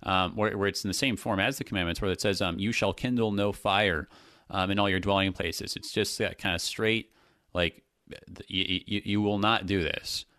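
A man's voice: deep voice, steady tone, moderate pace, pushed and bright, no echo, studio quality. A man hosting a radio talk show as a pastor, thinking aloud in casual talk with many restarts and fillers.

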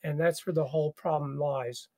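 On the radio, a man with a voice on the high side talks at normal speed through a conversational Bible study. He's lively, laughs a lot, and echoes his own words as he thinks.

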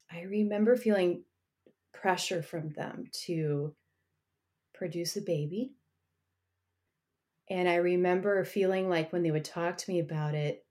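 A woman's voice: on the low side, darkish tone. A married woman telling her faith story as an interview guest, earnest and reflective, with frequent light laughter between thoughts.

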